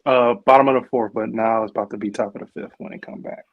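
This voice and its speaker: A man co-hosting a casual watch-along chat, giving halting updates full of fillers. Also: lowish voice, fairly even intonation, no echo, phone-quality sound. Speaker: podcast co-host.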